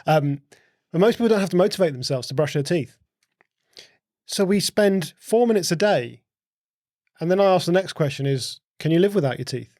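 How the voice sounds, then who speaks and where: A man talks on a podcast in a gravelly, creaky voice and works through his points with rhetorical questions. He often repeats words as he thinks. The sound is dry and close, with no room echo. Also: a little high, lively intonation, moderate pace, a little mellow. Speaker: podcast guest, host's husband. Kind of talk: casual conversational explaining.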